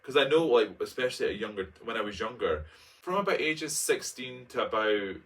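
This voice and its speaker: A man's voice: medium pitch, animated, brisk, fairly bright tone, recorded from a distance. A man, reading his own personal essay aloud and breaking off for camp, playful asides. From Scotland. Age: late 20s. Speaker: vlogger.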